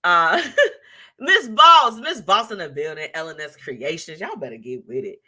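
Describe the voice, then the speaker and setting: Lively animated woman host. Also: moderate pace, husky. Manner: animated, laughing, swinging pitch, slangy asides. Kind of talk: casual live show chat, reading viewer comments.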